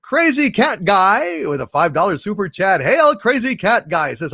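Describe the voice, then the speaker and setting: A man hosting a live stream, reading super chats aloud in a casual, halting way with many fillers. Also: high voice, sing-song, vocal fry, bright, forceful tone, dry recording, clean studio sound. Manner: sings slowly.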